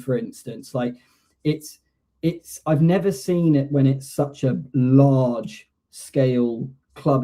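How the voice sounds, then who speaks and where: A man hosts a casual fan live stream in an easygoing, conversational way. His voice is warm and mellow, and he sits at a middle pitch as he reads out comments from viewers. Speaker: host of a fan show.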